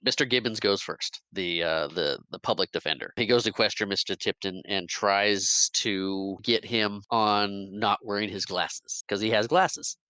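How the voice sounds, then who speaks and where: A man's voice: fairly low pitch, unhurried, hardly any pauses, sharp tone, clean tone, dry recording. A man co-hosting a podcast, recapping a film in casual chat, rambling with restarts and acting out quoted lines. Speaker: podcast co-host.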